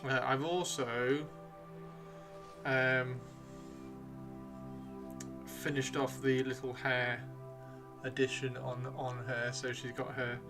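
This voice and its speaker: A man's voice: mid-range voice, flat delivery, takes it slowly, long pauses, music in the background. A man chatting casually on a live stream while painting miniatures, rambling and playfully teasing his chat.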